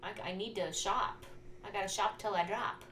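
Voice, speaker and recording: A woman's voice: medium pitch, fairly even intonation, normal speed, sharp tone, slight background noise, rough recording. Playful woman chatting over a game. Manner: playful, jokey, reads game dialogue aloud in put-on accents. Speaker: gameplay commentator. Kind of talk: casual let's-play chat.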